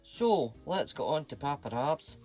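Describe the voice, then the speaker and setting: A man's voice: on the high side, lively intonation, unhurried, a little mellow, faint music behind. A middle-aged man with a Scottish accent, chatting casually and playfully to his vlog viewers in a rambling way. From Scotland. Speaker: channel host.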